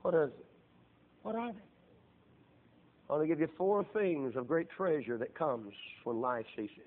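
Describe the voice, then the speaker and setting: A man's voice: on the high side, expressive. Tinny-sounding fervent middle-aged preacher man. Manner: fervent preaching that swells into loud, drawn-out emphasis. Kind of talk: sermon.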